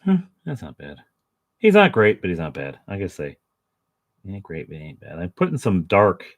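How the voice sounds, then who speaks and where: Low-pitched and brisk, with pitch that swoops wildly, a miniature painter hosts a relaxed painting session from home on his channel. He rambles, mocks himself and makes jokey asides, though the recording sounds muffled.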